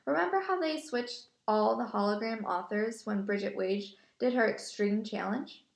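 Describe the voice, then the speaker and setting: Brief: woman reader as gushing trivia-loving girl, slight fry. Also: medium pitch, moderate pace, close to an everyday voice. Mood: eager. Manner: eager, gushing. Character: bookish girl teammate, enthusiastic. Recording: echoey room.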